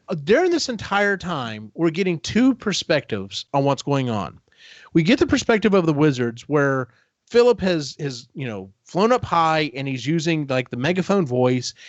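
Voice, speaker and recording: A man's voice: fairly high pitch, no echo. A man hosting a podcast, recapping a book in a casual, rambling way and briefly acting out characters' lines. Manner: rambling retelling, quick acted-out quotes. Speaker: podcast host. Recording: dull, dry lo-fi podcast audio.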